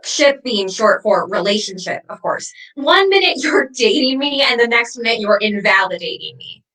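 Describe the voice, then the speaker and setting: A woman acting as a vengeful ghost who haunts her ex, taunting them with sharp, mocking wordplay in a comedy sketch. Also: a little high, expressive, normal speed, far from the mic, rough recording.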